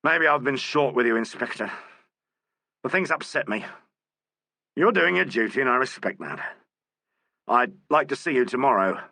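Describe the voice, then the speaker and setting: Gruff grudging male boss, voiced by a man, bright, dry close sound. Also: medium pitch, animated, moderate pace, long pauses, no echo, full character voice. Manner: curt, grudging.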